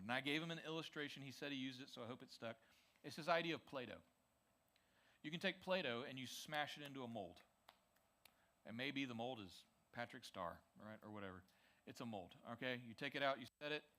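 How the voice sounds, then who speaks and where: A youth pastor delivers a lively sermon at a church service, his mid-range voice bright and forward. His style is energetic and conversational, and he checks in with the room often with a frequent "okay?"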